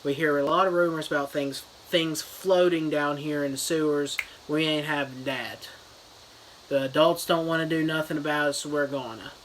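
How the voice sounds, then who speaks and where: A man's voice: on the high side, fairly even intonation, moderate pace, fairly bright tone, a little hiss or hum, low-quality recording. A man giving a crude joking fake book review, rambling with lots of "you know" and "uh".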